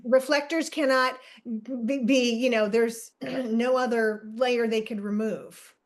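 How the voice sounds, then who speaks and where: Her voice is fairly high, with a steady tone and slow pace, as she co-hosts a casual podcast chat. Talkative and quick to laugh, she cuts herself off and drifts away from the topic.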